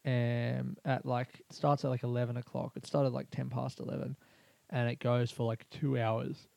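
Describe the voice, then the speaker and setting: Rambling comedian, dry close mic. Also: male voice, medium pitch, little pitch movement, moderate pace, creaky, a little mellow, dry recording, muffled recording. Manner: rambling, candid, swears often, lots of fillers. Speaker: comedian podcast host. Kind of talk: casual personal monologue.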